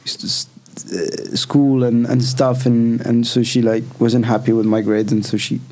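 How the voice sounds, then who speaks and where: A young man with a mellow, dark voice in a relaxed chat among friends. He rambles in loose, restarting sentences, swears casually and keeps calling people "mate". His tone stays even and easygoing. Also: mid-range voice, a little slow. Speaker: podcast co-host.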